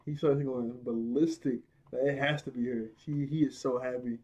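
A young man talks through a cartoon episode in a loose, slangy recap. He gets animated and breaks into laughter often as he retells the scenes. His voice sits at an ordinary middle pitch. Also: moderate pace, dull audio, a little hiss or hum. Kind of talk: casual recap and commentary.

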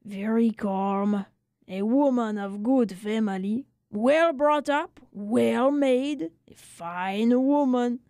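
A woman reading a children's radio drama aloud in a studio, telling the story slowly with voiced asides. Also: a little high, dark tone, no echo. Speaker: narrator.

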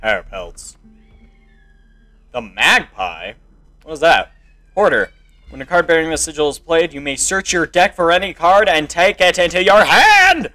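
An excitable man giving casual commentary while playing a video card game, reading its text aloud as he goes. His pitch leaps around a lot while the pace stays unhurried. Faint game music runs behind him. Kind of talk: casual let's-play commentary.

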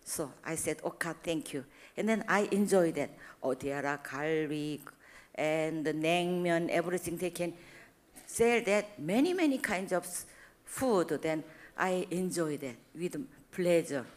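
A middle-aged woman with a Korean accent gives a church testimony in English, which is not her first language. Her voice sits a little low, and her halting phrases and many restarts turn animated and expressive when she stresses a point. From South Korea. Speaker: university president giving a testimony.

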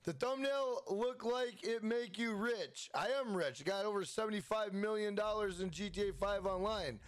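Male game streamer, high voice, energetic chat shout-outs. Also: normal speed. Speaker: gaming livestream host. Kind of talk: casual livestream chat.

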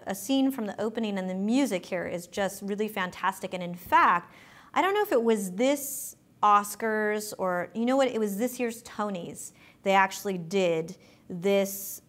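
A woman's voice: mid-range voice, fairly bright tone. Woman giving a casual lecture. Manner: conversational, with fillers.

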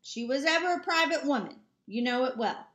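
A woman reading the part of a weary, stubborn old farmer father in a slow, plaintive way, in a roomy home recording. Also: high voice, animated, fairly bright tone. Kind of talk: amateur audiobook reading.

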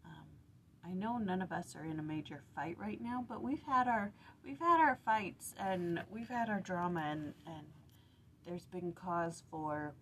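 Gravelly, low-voiced woman retelling scripture. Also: a little slow, slight background noise, low-quality recording. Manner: reads a devotional passage, then retells the story casually with restarts. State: sleepy, blurry-eyed early morning. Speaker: scripture study vlogger. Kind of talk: casual scripture study reflection.

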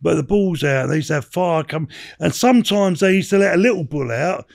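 High gravelly-voiced older man. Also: animated, fairly quick. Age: 60s. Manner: rambling, swearing, peppered with "you know what I mean". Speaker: podcast guest, former bare-knuckle boxer. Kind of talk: casual interview storytelling.

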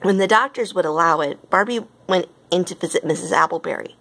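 A woman reading a storybook aloud as narrator, with gentle, even pacing. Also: fairly low pitch, brisk, gravelly.

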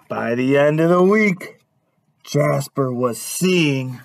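A man reading a children's picture book aloud at story time, animated and asking his young listeners questions. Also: a little high, slow pace, gravelly. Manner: animated, asks questions to listeners, lots of hums.

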